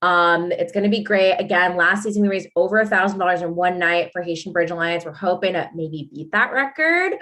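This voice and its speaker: A woman's voice: on the low side, a little fast, hardly any pauses, fairly bright tone. Joking, teasing young woman co-host. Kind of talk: casual podcast chat.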